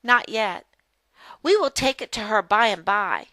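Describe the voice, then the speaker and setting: A woman voicing a kind young farm boy in a primer dialogue, speaking gently. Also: medium pitch, expressive, a little slow, no room sound. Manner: gentle, kindly offering. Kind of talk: reading a primer dialogue aloud.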